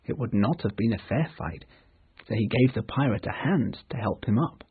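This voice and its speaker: A man reading a storybook aloud for English learners, slowly and clearly. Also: lowish voice, expressive, phone-quality sound. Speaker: narrator.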